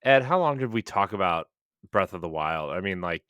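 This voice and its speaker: A man co-hosting a casual podcast, rambling with excitement and repeating himself. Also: low voice, moderate pace, dry recording, muffled recording. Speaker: podcast co-host.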